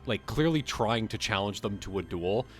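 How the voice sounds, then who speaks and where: Excitable rambling man, live chat. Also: fairly low pitch, normal speed, faint music behind. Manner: excitable, rambling, laughs often. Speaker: co-host. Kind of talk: casual livestream chat.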